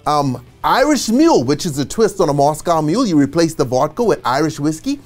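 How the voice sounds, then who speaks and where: A man giving an instructional bartending lesson, chatty and animated, who often checks in with a quick "okay?" and adds joking asides. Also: on the high side, faint music behind. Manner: casual and chatty, with asides and small laughs.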